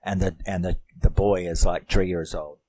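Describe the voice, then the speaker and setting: A man with a low voice recaps a film off the cuff, rambling with fillers, restarts and the odd curse. His tone stays mellow and warm as he gets worked up over the story. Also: little pitch movement, moderate pace, poor audio. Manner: rambling, emotional, swears, many fillers. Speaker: film reviewer.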